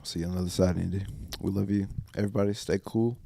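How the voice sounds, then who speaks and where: A man co-hosting a casual talk show who jokes around and chimes in with quick agreement. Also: deep voice, fairly even intonation, vocal fry, warm tone, dry recording. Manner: joking, quick affirmations. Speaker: co-host. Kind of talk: casual chat.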